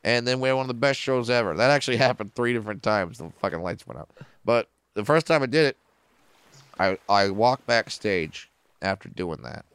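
A man who is a comedian and a podcast guest, telling stories in a casual, profane and animated way. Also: on the low side, fairly quick, clear, resonant tone, no echo.

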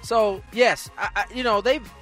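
A man on a sports debate panel, his voice slightly high. He often stumbles and restarts his sentences. Then he drives his points home emphatically. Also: a little slow, pushed and bright, soft background music.

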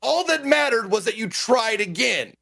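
Animated swearing man ranting. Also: very high-pitched, normal speed, gravelly, no echo. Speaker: game streamer. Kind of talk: casual podcast chat.

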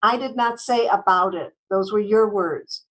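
A woman from the United States, a guest in a podcast interview, speaking briskly and instructively and acting out sample phone calls. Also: mid-range voice, rough recording. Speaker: guest, customer service trainer.

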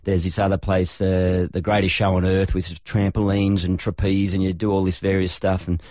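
An Australian man co-hosting a radio show, telling a family story in relaxed chat with many fillers. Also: sits low, moderate pace, no room sound, clean studio sound. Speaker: radio co-host. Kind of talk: casual radio banter.

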